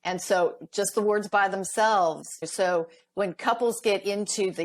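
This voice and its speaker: A middle-aged woman, a marriage coach, talking in a podcast interview, lively and laughing often as she acts out quoted dialogue. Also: medium pitch, brisk.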